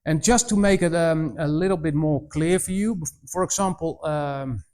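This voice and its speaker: A man in his forties giving a missionary presentation to students, telling stories in an animated way, mimicking voices and often restarting his sentences. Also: a little high, moderate pace. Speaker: missionary speaker. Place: college presentation room.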